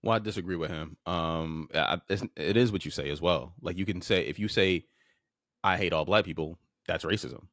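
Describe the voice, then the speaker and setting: A man's voice: low voice, fairly quick, few pauses, a bit bright, no room sound, clean studio sound. A man hosting a podcast, talking bluntly and informally about clips he plays, swearing casually and restarting his phrases. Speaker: podcast host. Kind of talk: casual commentary on played clips.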